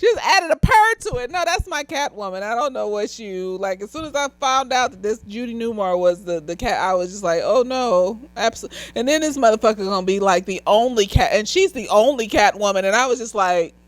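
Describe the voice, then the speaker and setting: A woman's voice: mid-range voice, expressive, a little fast, hardly any pauses, no room sound. A young woman, a therapist a little tipsy, rambling through a casual movie review with lots of swearing and laughter. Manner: rambling, profane, laughs often. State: slightly tipsy.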